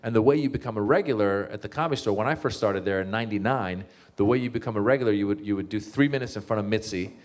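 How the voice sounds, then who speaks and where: A male comedian, appearing as a guest, tells stories at a quick pace in a casual talk. His speech is full of restarts and fillers, with sudden jumps in pitch whenever he acts out his own thoughts.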